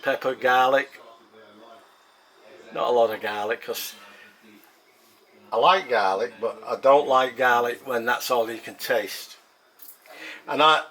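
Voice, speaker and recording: English guy, english accent, slow rambly kitchen chat to camera, keeps repeating himself. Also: mid-range voice, a bit bright. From England. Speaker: home cooking vlogger.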